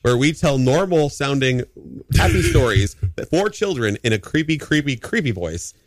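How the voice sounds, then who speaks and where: A man's voice: mid-range voice, very animated, moderate pace, no room sound. Giggly male community radio host. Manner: giggly, reads ad copy with stumbles. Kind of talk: comic community radio chat with on-air reads. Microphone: studio microphone.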